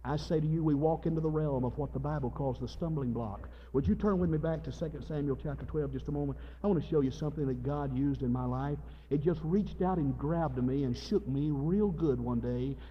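A man preaching a sermon in a folksy, direct way, jumping from loud high exclaiming to hushed low tones. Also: slight background noise. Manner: folksy, uses illustrations and direct address. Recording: dull, long-reverb hall recording.

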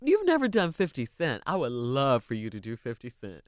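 A woman's voice: extremely low pitch, wildly swooping pitch, normal speed, a little mellow, no echo, clean studio sound. A woman co-hosting a radio show, laughing and teasing in casual banter. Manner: giggly, teasing. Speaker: radio co-host.

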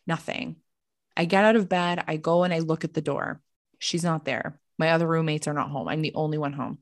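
A young woman with a low voice tells a story over a video call, chatty and packed with "like". The sound is dry and close. She laughs off the awkward parts. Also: fairly even intonation, fairly quick, no echo. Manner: chatty, heavy use of "like", laughs when awkward. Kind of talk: casual storytelling.

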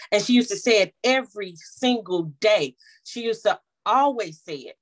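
Animated woman telling a family story. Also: medium pitch, normal speed. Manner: animated, acts out the voices of family members. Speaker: small business owner. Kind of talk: personal storytelling in an interview.

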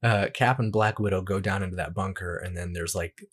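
A man's voice: sits low, fairly quick, breathy edge. A man co-hosting a podcast in casual chat, rambling through a film recap with fillers and acted-out lines. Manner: rambling, many fillers, acts out dialogue. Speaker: podcast co-host.

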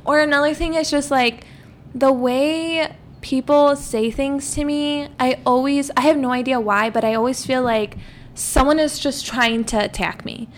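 A woman's voice: high voice, steady tone, unhurried. A young woman in a casual chat with a friend, speaking earnestly and hesitantly as she searches for her words. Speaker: podcast co-host.

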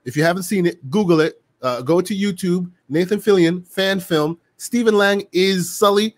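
Chatty higher-voiced podcast host. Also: male voice, normal speed, no echo. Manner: animated, chatty, many fillers and restarts. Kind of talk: casual gaming podcast chat.

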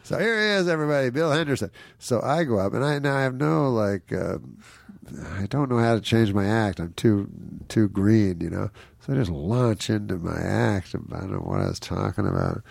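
A man's voice: fairly low pitch, expressive, moderate pace, creaky, a little mellow, dry recording. A man, a guest comedian, telling a rambling anecdote, chuckling often and mimicking the people in it. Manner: meandering storyteller, chuckles often, mimics people in his stories.

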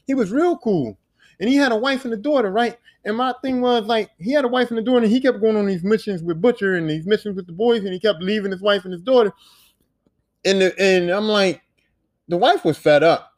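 High-voiced profane man riffing casually. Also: a little fast. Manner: profane, rambling, acts out quoted characters in exaggerated voices. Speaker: podcast host. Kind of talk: casual comedic monologue recapping a show.

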